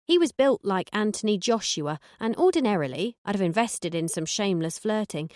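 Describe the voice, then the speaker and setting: Casting note: woman, mid-pitched, deadpan first-person audiobook reader, very dry close sound. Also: dry recording. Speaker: audiobook narrator.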